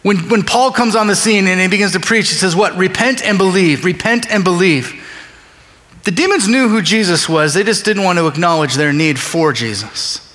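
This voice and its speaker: A man's voice: high voice, expressive, brisk, sharp tone. A man preaching a sermon as a pastor, conversational and acting out bits of dialogue. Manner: conversational, acts out dialogue with voices. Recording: long reverb of a large hall.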